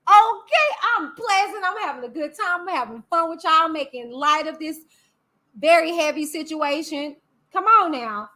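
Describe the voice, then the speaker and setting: Sassy high-voiced woman streamer. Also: lively intonation, moderate pace, pushed and bright. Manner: sassy, chatty, talks back to chat. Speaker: YouTube host. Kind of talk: casual live-stream commentary.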